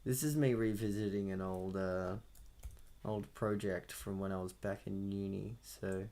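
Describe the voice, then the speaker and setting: A man's voice: low voice, fairly even intonation, a little slow, background noise. A young man, thinking aloud casually as he mixes a song. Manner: muttering, thinking aloud, self-deprecating. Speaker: audio engineer mixing music. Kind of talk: casual talk-through while working. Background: loud guitar music playing.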